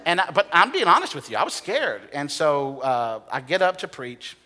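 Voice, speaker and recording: Male preacher, somewhat high and bright voice, dramatic hushed-to-excited storytelling, reverberant sanctuary. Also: a little slow, pauses often. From United States. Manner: dramatic storytelling, dropping to hushed tones and rising to excited bursts. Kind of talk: sermon storytelling. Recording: long hall reverb.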